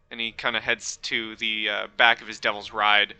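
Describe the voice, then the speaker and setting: A man's voice: lowish voice, flat delivery, normal speed, few pauses, sharp tone, clean tone. A man narrating as game master in a casual, hesitant way.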